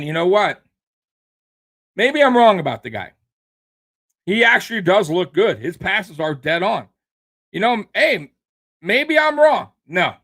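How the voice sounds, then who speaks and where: Heated guy ranting on his sports show, kinda high voice, lots of ums and cussing. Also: a bit bright. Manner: heated, profane rant with fillers and restarts.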